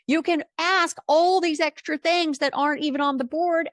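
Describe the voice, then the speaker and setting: A woman's voice: high voice, brisk, few pauses, dry recording, studio quality. A middle-aged woman hosting a motivational podcast, telling stories and acting out the people in them. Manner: animated storytelling, acts out quoted voices. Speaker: podcast host and coach. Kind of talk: motivational monologue.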